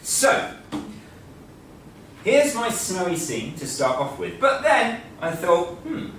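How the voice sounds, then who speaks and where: Slow, playful male teacher in an echoey room. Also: high voice, sing-song, fairly bright tone, slight background noise. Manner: playful, joking, talks while drawing. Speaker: teacher presenting a school assembly. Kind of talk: light-hearted assembly presentation. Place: school room. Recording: echoey room, mic at a distance.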